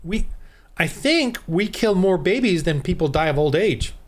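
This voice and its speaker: A man's voice: high voice, animated, measured pace. A man from the United States giving a rambling, heated, preachy commentary monologue as a Christian video host.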